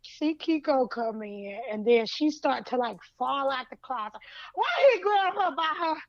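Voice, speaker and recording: A woman co-hosting a podcast in casual chat, retelling a story in an animated way and acting out the lines. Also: high-pitched, a little slow, creaky, no echo. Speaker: podcast co-host. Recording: dull lo-fi sound.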